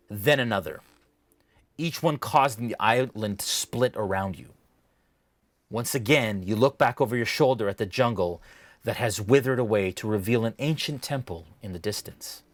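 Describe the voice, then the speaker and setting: A man narrating as dungeon master, setting the scene in a measured, descriptive way. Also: fairly low pitch, no echo. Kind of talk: narrating a tabletop game.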